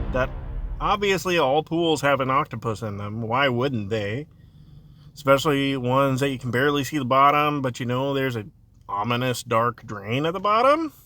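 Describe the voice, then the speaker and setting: A man's voice: medium pitch, bright, forceful tone. A man telling a funny childhood story in a casual, rambling way, laughing often and drifting off on tangents. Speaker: dad telling a family story.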